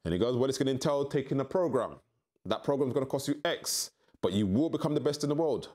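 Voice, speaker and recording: Man, middle-aged, candid storytelling, animated, acts out quotes. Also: fast talker. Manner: animated, acts out quoted voices with big pitch jumps. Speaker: interview guest.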